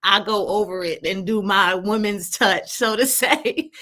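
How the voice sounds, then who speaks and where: A woman's voice: mid-range voice, a little slow, sharp tone. A woman podcaster on a virtual panel, talking conversationally over a video call and often tagging her sentences with "right?".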